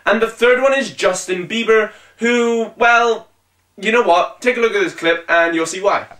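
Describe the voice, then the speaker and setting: A man's voice: high-pitched, normal speed, a bit bright. A man hosting his own comedic web show, talking energetically with a sarcastic, jumpy delivery. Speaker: vlog host. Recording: echoey room.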